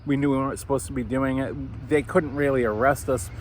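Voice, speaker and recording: A man casually telling a personal story over coffee, animated and swearing, acting out the voices of people he quotes. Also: mid-range voice, fairly quick, slight background noise.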